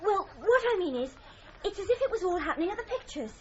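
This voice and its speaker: An actress playing an excitable young British bride on a trek, talking in a bubbly way. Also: female voice, extremely high pitch, fast talker. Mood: excited. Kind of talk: radio drama acting. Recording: muffled radio recording with noise.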